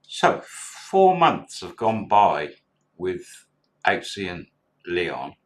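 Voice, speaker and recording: A man's voice: sits low, wildly swooping pitch, extremely slow. A middle-aged man, a former bar manager, casually tells a story and acts out the quoted dialogue in a chatty way.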